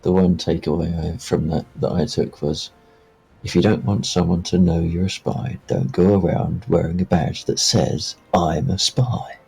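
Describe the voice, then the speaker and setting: Man, very deep, gravelly, deadpan joking, faint music behind. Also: normal speed. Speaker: co-player on the stream. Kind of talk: casual chat.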